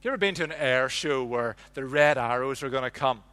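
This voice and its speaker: A man preaching a sermon, telling the story with lively ups and downs and dropping to a hush for quiet lines. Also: medium pitch, a little fast, clean tone. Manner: animated storytelling, drops to a hush on quotes. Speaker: pastor.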